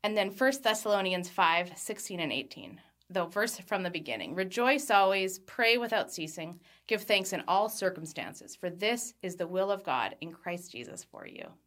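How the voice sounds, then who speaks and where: A Christian speaker in her thirties delivers an earnest devotional talk with scripture reading, laughing lightly between thoughts and slowing on key phrases. Her voice is on the low side and a bit bright, with lively intonation.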